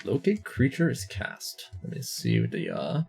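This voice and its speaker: A man running a tabletop game as dungeon master, talking in a relaxed, rambling way with many fillers. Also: lowish voice, moderate pace, creaky, breathy edge, soft background music.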